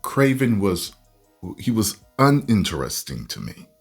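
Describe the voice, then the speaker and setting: A man with a low voice talks through a film review at an unhurried pace. His delivery swings widely in pitch and jumps into loud, exasperated outbursts. Faint music plays underneath. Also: huge pitch swings, creaky, slightly rough. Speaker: movie reviewer. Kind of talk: casual video review rant.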